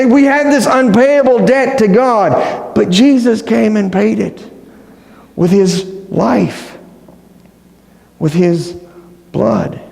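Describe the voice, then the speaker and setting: A man's voice: very high voice, gravelly, a little mellow. A man preaching a sermon as a pastor, conversational and playful, often asking his congregation questions. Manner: playful, self-deprecating humor. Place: church sanctuary. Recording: roomy hall with long reverb.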